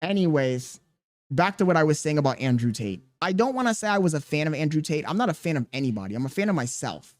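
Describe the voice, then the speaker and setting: A man streaming live and commenting on clips in an animated, exclaiming way. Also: on the high side, fast, dry recording. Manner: animated, laughing, exclaims often. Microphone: streaming studio mic.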